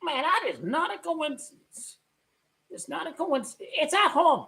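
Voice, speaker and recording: A woman ranting about basketball as a sports vlogger, loud and excitable, often shouting and repeating herself. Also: high-pitched, normal speed, creaky.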